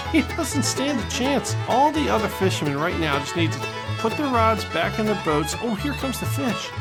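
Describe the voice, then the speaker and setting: A man hosting a video game channel, commentating gameplay with excitable, joking trash talk, over guitar music. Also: high voice, creaky. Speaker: gaming channel host.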